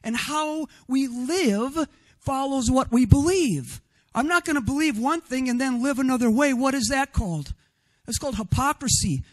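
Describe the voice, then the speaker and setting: A male preacher with a strikingly high voice delivers an expressive sermon. He swells to loud, fervent passages and keeps checking in with his listeners by asking "right?". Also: normal speed. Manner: rhetorical "right?" asides.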